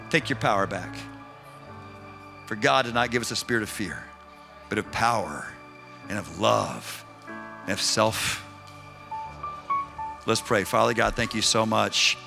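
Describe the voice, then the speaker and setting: A male pastor preaching a sermon, leading the congregation in call-and-response, then quiet and earnest in prayer. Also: lowish voice, vocal fry. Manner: drops to a quiet, intimate prayer tone.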